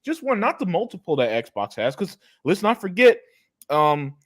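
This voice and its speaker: A man's voice: sits high, very animated, moderate pace. A man hosting a casual opinion chat, combative, often repeating his words.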